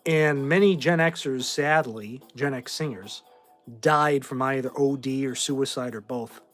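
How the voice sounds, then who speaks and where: With faint music behind him, a man in his forties from Boston, Massachusetts hosts a laid-back livestream. His medium-pitched voice is fairly bright and measured as he answers viewers' questions in a rambling, offhand manner, opinions delivered bluntly.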